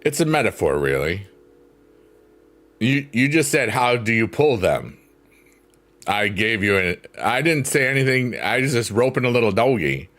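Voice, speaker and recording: A middle-aged man hosting a livestream, chatting casually and reading comments aloud in a goofy, joking way. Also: mid-range voice. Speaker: livestream host. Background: soft piano music.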